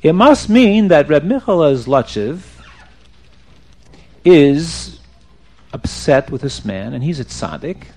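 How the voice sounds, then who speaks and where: Male storyteller for children, animated, slightly high voice with a gravelly rasp. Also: takes it slowly, pauses often. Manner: animated, quizzes the listeners.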